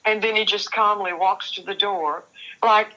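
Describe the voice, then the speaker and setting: A woman's voice: medium pitch, fairly even intonation, sharp tone, rough recording. An older woman, a guest on an interview show, telling her own story earnestly, often restarting her sentences. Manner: earnest, halting, with repeated restarts. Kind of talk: personal testimony in an interview.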